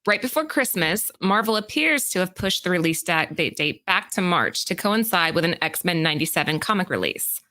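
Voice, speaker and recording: A woman co-hosting a comic book podcast, reading prepared market rundowns in a steady, informative way and chatting casually. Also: fairly low pitch, normal speed, hardly any pauses. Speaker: podcast co-host.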